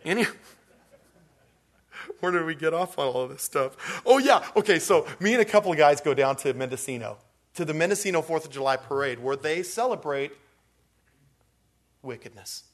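A man's voice: a little high, lively intonation, normal speed, pauses often. Folksy, rambling male preacher. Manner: folksy, rambling, with many restarts. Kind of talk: storytelling sermon.

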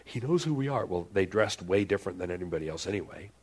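A man's voice: low voice, lively intonation, fast, darkish tone, husky. A man preaching a sermon at a church service, telling the story dramatically and acting out the voices of the people in it. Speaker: pastor.

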